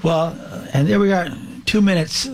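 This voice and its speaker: A man hosting a talk show, speaking haltingly with many fillers and restarts. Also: sits high, darkish tone, a little hiss or hum. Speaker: host.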